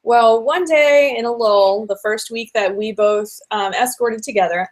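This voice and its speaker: A woman telling a story in a casual podcast chat, animated and acting out the people she quotes. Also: a little high, measured pace. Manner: animated retelling with quoted voices.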